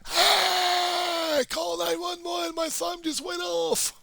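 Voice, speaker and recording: A man voicing a manic male hypnotist preacher who commands the masses in a booming, theatrically unhinged way, recorded on a webcam at home. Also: a little slow, very noisy. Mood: shrieking frenzy.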